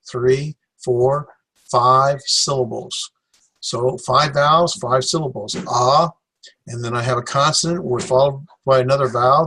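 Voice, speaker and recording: A man teaching a Greek class in a classroom lecture, halting with many fillers as he sounds out syllables slowly. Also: medium pitch, a bit bright.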